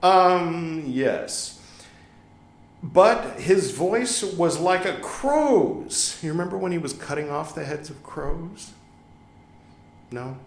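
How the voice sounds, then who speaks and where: A man's voice: a little high, big pitch swings, slow pace. A man hosting a podcast, reading a religious text aloud and breaking off for wry, joking asides. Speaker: podcast host reading scripture. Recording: echoey room.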